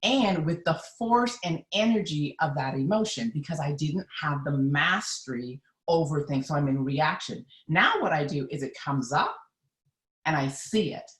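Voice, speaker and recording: A woman's voice: sits low, lively intonation, normal speed, roomy sound. A woman coaching viewers on a live stream, speaking earnestly and emphatically and addressing them directly. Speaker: mindset coach.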